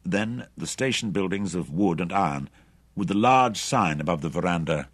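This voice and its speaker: Male narrator, very deep voice, lively intonation, dry close sound, steady reading. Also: normal speed, no echo. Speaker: audiobook narrator. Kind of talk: scripted narration.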